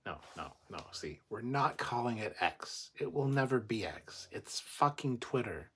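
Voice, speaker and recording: A man's voice: mid-range voice, big pitch swings, measured pace, fairly bright tone, slightly rough. A man hosting a casual livestream, reading chat comments aloud and giving blunt, opinionated replies with plenty of swearing.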